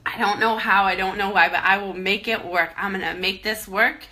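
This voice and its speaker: A woman's voice: mid-range voice, fairly even intonation, normal speed, sharp tone. Tearful woman pep-talking herself. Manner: rambling, candid, self-encouraging. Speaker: mother vlogging about money worries. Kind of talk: emotional personal vlog.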